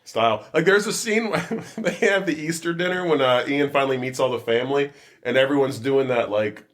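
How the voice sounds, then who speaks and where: Casting note: male podcast host, mid-pitched, rambling and laugh-prone, casual. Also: a little fast. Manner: laughs often, rambling storyteller. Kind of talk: casual chat.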